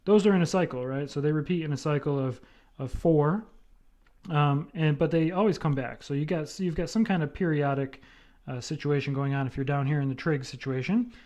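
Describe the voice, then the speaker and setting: Mellow-voiced man giving a math lecture. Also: a little high, brisk. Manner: explanatory, repeats with "right?" and fillers.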